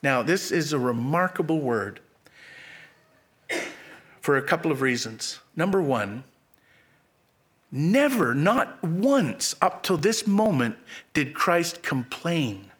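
A man preaching a sermon, acting out quotes with sudden jumps in pitch and dropping to a hushed low voice on key phrases. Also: sing-song, slow pace, pauses often. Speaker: pastor.

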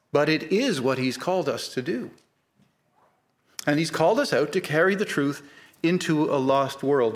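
A middle-aged man preaching a sermon, earnest and measured, slowing down to stress key points. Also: on the high side. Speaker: pastor.

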